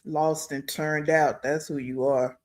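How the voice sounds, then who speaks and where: Blunt scornful reaction host. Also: male voice, a little high, level tone, slow. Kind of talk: reaction commentary.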